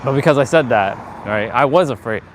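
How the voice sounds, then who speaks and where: A man's voice: medium pitch, animated, brisk, background noise. A man hosting a casual motivational livestream outdoors, talking earnestly in a rambling way with many fillers and restarts. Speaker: live-stream host.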